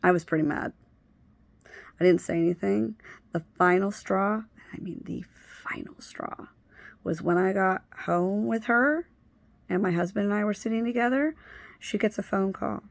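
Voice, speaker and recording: A woman recounting a personal story in a loose, unscripted way. Her voice has a gravelly, fried edge, and she speaks bluntly, dropping swear words without hesitation. The sound is close and dry. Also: mid-range voice, normal speed, no echo. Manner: candid and blunt, swears freely.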